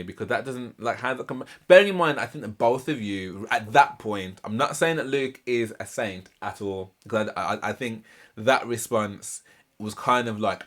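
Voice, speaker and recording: A man's voice: on the low side, moderate pace. A man hosting a reaction channel, commenting casually and emphatically. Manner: animated, emphatic, repeats himself for emphasis.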